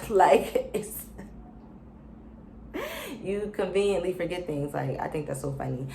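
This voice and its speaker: A woman's voice: lowish voice, moderate pace, creaky, pauses often, darkish tone, reverberant, a little hiss or hum. A woman casually recapping a reality show, chatty and opinionated, with lots of fillers and slang.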